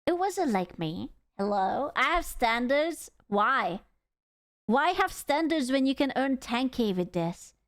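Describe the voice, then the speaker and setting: A woman's voice: high voice, sing-song, slow, dry recording, studio quality. Playful, teasing woman streamer reacting. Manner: playful, teasing, giggly banter.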